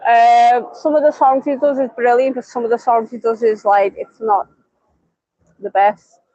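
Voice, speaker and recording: A woman's voice: fairly high pitch, fairly even intonation, normal speed, dark tone, no echo, lo-fi sound. A woman chatting on a live stream. She rambles with lots of fillers and restarts. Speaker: vlogger. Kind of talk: casual live-stream chat.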